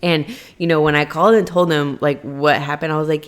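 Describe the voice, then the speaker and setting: A young adult woman casually telling a personal story to camera, chatty and animated, acting out quoted lines in a higher voice. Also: fairly quick, few pauses. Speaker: vlogger.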